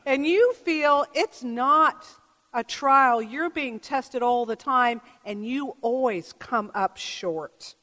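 A woman pastor giving a sermon in a church, reflective and measured, asking the congregation questions. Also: sits high, bright, forceful tone. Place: church sanctuary. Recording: long church reverb.

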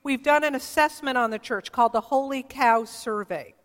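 Lady pastor preaching, kinda high voice, earnest storytelling, big echo off the sanctuary walls. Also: normal speed. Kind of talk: sermon.

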